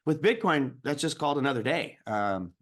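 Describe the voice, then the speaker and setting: A man, a guest trader, explaining markets in an animated, casual way. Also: a little high, normal speed.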